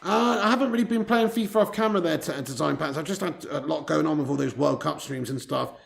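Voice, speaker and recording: Gravelly-voiced man streaming live football. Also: a little high, fast. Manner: excitable, swears, reads viewer chat aloud. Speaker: watch-along streamer. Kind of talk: live football watch-along chat.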